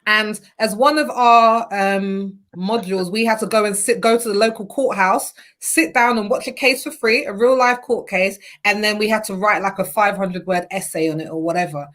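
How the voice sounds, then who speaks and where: A woman's voice: mid-range voice, moderate pace, few pauses. A young adult woman from the UK chatting casually and animatedly as a podcast guest. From United Kingdom. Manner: animated, acts out quoted thoughts. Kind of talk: casual chat.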